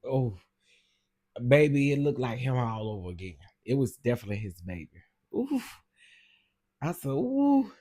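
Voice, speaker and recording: A man's voice: medium pitch, a little fast, mellow. A man hosting a casual livestream, gossiping animatedly and exclaiming straight to his viewers. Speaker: livestream host.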